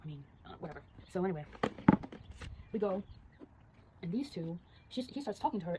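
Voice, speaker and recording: A teenage girl chatting casually and rapidly, telling a story while drawing and acting out the voices of the people in it. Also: lowish voice, muffled recording, background noise. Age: teens. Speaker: storyteller vlogger.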